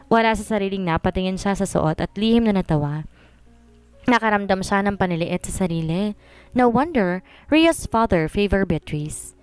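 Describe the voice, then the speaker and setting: A woman's voice: medium pitch, smooth, no room sound. A woman narrating a story in scripted narration, switching between Tagalog and English.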